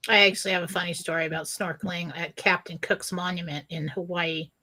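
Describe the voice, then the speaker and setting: A woman's voice: on the low side, fairly even intonation, a little fast, sharp tone. A woman co-hosting a casual talk show, telling stories animatedly and laughing as she goes. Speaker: co-host. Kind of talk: casual chat, storytelling.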